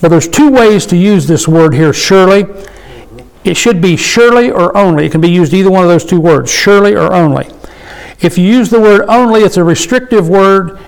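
A man with a fairly high voice leads a casual Bible study. He reads scripture in a slow, deliberate way, then explains it in plain everyday words. He keeps asking his listeners questions. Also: darkish tone, low-quality recording. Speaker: Bible teacher. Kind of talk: informal Bible study teaching.

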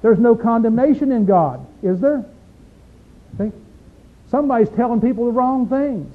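A man's voice: very high-pitched, expressive, moderate pace. A man preaching a sermon in a folksy, conversational way, often putting questions to the listeners. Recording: tinny phone-like recording.

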